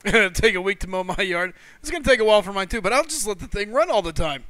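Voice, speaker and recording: A man hosting a live stream, chatting excitably, laughing often and reading viewers' comments aloud. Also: sits high, fast. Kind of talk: casual live-stream chat.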